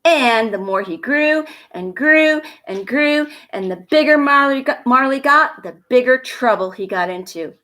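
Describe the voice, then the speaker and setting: A woman from a school reading a picture book aloud to children at home, gentle and expressive, a little nervous, chatting to the kids between pages. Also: high voice, unhurried, few pauses. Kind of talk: storybook read-aloud for children.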